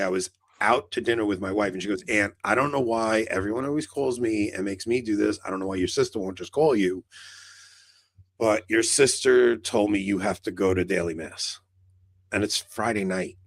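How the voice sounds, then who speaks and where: A podcast co-host with a fairly low voice, recorded without echo, spins a long, meandering story in casual conversation. He leans on "like" as filler and acts out the dialogue.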